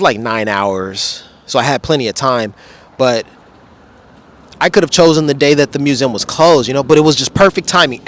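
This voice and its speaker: A man's voice: mid-range voice, a bit bright, a little hiss or hum. A man talking casually in a rambling, laid-back way with slang, vlogging outdoors. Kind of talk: casual vlog. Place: outdoors beside a wall display.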